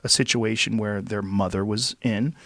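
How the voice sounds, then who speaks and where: A man's voice: lowish voice, fairly even intonation, normal speed, a bit bright, no room sound. A middle-aged man hosting a podcast, telling a story casually and profanely, acting out what people said. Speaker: podcast host.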